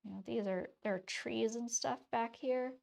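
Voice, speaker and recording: Drawing on stream, a thirty-something woman with a faint Wisconsin accent chats casually and rambles, full of fillers and restarts. She speaks at normal speed in a fairly high voice with vocal fry and a darkish tone.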